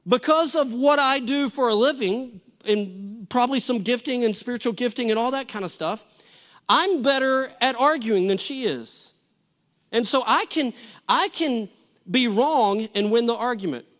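High-voiced pastor preaching. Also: male voice, normal speed, a bit bright. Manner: folksy, storytelling with repeated restarts. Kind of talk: sermon. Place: church auditorium with audience.

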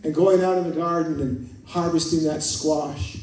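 Male pastor, warm mellow tone, somewhat high voice, sermon from across a booming echoey church. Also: steady tone, normal speed. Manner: conversational, storytelling, rising to fervent prayer. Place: church sanctuary. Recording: echoey church hall from far off.

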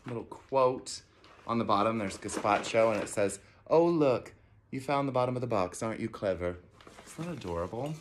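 A man directing a theater camp, gushing and theatrical as he unboxes a gift box in a promotional video. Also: on the low side.

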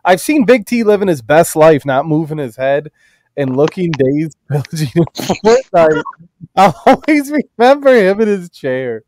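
A man's voice: fairly high pitch, very animated, unhurried, a little mellow, slight background noise. A man hosting a casual live stream, reading chat messages aloud and joking crudely with friends. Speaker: stream host.

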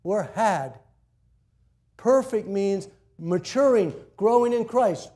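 A man preaching a sermon as pastor, telling stories animatedly and swinging between loud emphasis and quiet asides. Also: high-pitched, animated, takes it slowly. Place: church.

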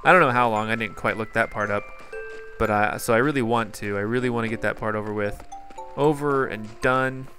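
A gaming YouTuber with a lowish, fairly quick voice that sounds pushed and bright, with faint music in the background. He rambles through casual gameplay commentary in a chatty way, talking straight to his viewers.

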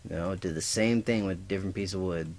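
A let's play gamer with a low, slightly mellow voice gives brisk, casual gameplay commentary, goofing around, talking to himself, and making little sound effects.

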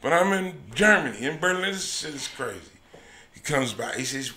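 A man hosting a podcast, telling a story in a profane, animated way and laughing often. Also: a little high, normal speed, roomy sound. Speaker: podcast host. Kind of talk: casual storytelling.

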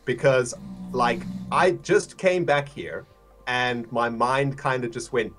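A man's voice: mid-range voice, takes it slowly, a bit bright, faint music behind. A man chatting casually on a livestream, laughing often and reading out donations.

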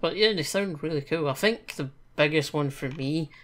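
A man hosting a podcast in casual chat, laid-back and quick to laugh. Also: fairly high pitch. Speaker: podcast host.

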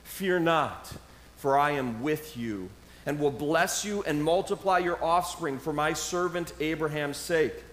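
A man preaching from the pulpit, leaning hard on each phrase of the scripture he reads before easing into relaxed, everyday asides. His voice sits a little high for a man. The sound is roomy and echoey, with a faint hum of the church underneath. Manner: reads scripture aloud with slow emphatic stresses, then casual asides. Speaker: pastor. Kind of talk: sermon. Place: church sanctuary.

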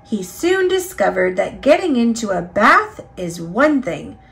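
A woman reading a children's picture book aloud in a slow, expressive storytelling voice. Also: medium pitch, gravelly. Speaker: storybook reader. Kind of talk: children's read-aloud narration.

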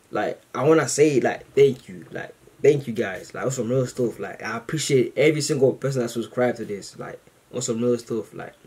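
A man hosts a reaction video, talking casually to the camera in a rambling, slang-heavy way packed with fillers, sounding excited and grateful. His voice is mid-range with a breathy edge.

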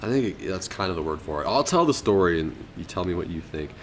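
A man's voice: low-pitched, expressive, quick pace, slight background noise. A young man, a podcast co-host, telling a story in loose, profane casual chat and laughing often. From Colorado.

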